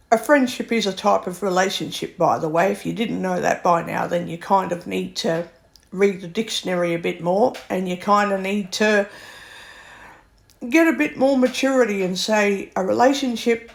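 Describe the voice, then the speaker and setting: A woman's voice: medium pitch, moderate pace, gravelly. A woman, bluntly ranting to camera in a vlog. She sounds exasperated, swears freely and keeps circling back over her points. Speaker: vlogger. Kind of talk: ranting monologue.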